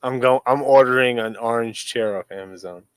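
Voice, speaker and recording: A man's voice: medium pitch, normal speed, clear, resonant tone, no room sound. A man co-hosting a casual livestream, laid-back, laughing often and cracking crude jokes. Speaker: co-host.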